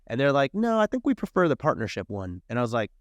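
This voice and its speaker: A man in his thirties, a podcast guest telling stories in a casual, animated way and acting out quoted dialogue. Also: mid-range voice, quick pace, no echo, studio quality. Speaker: podcast guest, real estate investor. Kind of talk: casual storytelling interview.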